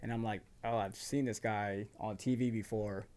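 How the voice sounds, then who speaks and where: Casual male guest from Virginia, slight Southern twang, relaxed storyteller who acts out quotes. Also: fairly low pitch, normal speed, clear, resonant tone. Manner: laid-back, drops into quoted asides, laughs often. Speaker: guest firefighter.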